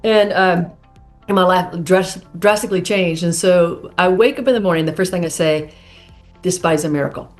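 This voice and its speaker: A middle-aged woman hosts a podcast with an effusive, inspirational way of talking. Her voice sits at a mid pitch, with faint music in the background. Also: normal speed. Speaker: podcast host. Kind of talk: casual interview chat.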